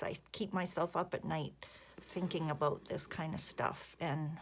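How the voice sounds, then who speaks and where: Woman, fifties, low-pitched, slow-paced, casual crafting chat, soft rambling, muttered asides. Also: fairly even intonation, in a whisper. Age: 50s. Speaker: crafting vlogger.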